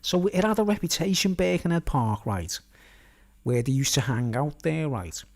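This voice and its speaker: A man's voice: fairly high pitch, animated, normal speed, vocal fry, a little mellow. A middle-aged man with a Merseyside accent telling a long rambling story, forever tagging on "right?" and "you know what I mean?". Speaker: vlogger. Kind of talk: rambling anecdotal monologue.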